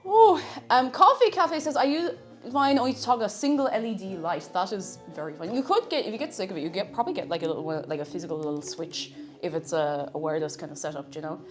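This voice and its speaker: A woman's voice: medium pitch, lively intonation, fast. A woman live-streaming from her home kitchen, chatting casually as she cooks and reading chat messages aloud. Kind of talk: casual chat while cooking. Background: faint music.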